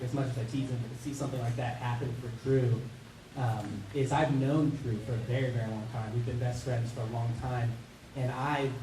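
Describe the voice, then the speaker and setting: Voice actor panelist, man, earnest and sincere, roomy hall sound. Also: mid-range voice. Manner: earnest, reflective, teasing friend. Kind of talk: convention panel talk. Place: large convention hall, far from mic. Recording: echoey hall from far off with noise.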